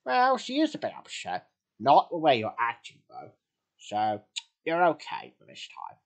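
A man voicing a gruff, stern bear father who scolds his son. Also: medium pitch, huge pitch swings, unhurried, voice pushed down, heavily acted.

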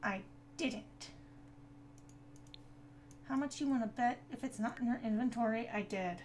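A woman's voice: fairly high pitch, measured pace, a little mellow, a little hiss or hum. A woman giving casual gameplay commentary, chatting to her viewers and scolding the game characters. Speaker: gaming video creator.

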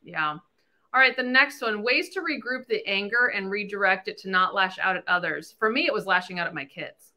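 Blunt, swearing woman with a bright voice. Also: medium pitch, fairly quick. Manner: blunt, profane, animated storytelling. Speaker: podcast host. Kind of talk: candid casual talk.

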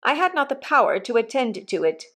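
A woman narrating an audiobook of a classic novel in a measured, even storytelling manner. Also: a little high. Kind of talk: scripted narration.

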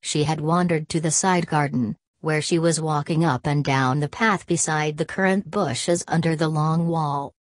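A woman reading a classic novel aloud as an audiobook narrator, in a steady, even manner. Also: sits low, moderate pace, few pauses, dry recording. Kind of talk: scripted narration.

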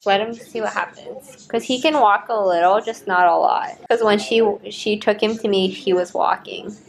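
Young woman vlogging casually at home, lots of vocal fry, chatty and cooing at her dog. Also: mid-range voice, normal speed. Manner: chatty, coos baby talk to her dog. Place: home, indoors.

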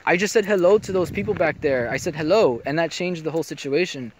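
Rambling high-voiced man vlogging. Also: quick pace, few pauses, a little hiss or hum. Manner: rambling, profane, full of "you know" and "I'm like". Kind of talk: casual monologue.

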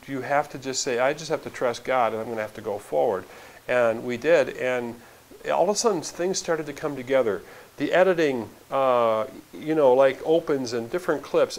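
A man speaking as a documentary filmmaker in an interview, earnest and reflective, often restarting his sentences. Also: medium pitch. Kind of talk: casual conversational interview.

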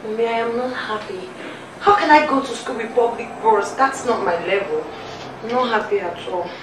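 An actress plays a spoiled young woman with a Nigerian accent, whiny and pleading. Her voice sits fairly high. The film audio carries clear background noise. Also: moderate pace, natural voice. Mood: complaining. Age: young adult. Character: spoiled young woman craving fame and luxury. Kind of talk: film acting.

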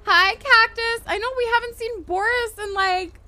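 A woman in her twenties chatting casually on a live game stream, excitable and swearing freely. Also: very high voice, moderate pace. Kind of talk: casual live-stream chat while role-playing a game.

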